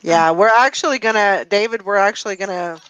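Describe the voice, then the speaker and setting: A woman hosting a laid-back group call. Her voice is smooth and resonant, at a middle pitch. She rambles easily and fills pauses with fillers. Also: fairly bright tone, dry recording, dull audio. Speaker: host. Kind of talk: casual group chat on a live show.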